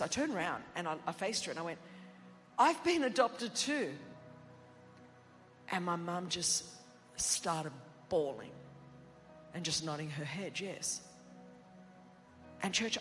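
Australian woman pastor, lively self-mocking storyteller, echoing church hall with soft music underneath. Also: fairly low pitch. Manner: animated, self-mocking, acts out quotes. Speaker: preacher. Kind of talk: sermon storytelling.

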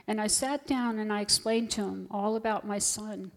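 A woman's voice: mid-range voice, normal speed. A middle-aged woman, a volunteer hospital chaplain, sharing a heartfelt testimony in church. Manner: earnest, heartfelt storytelling. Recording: long church reverb.

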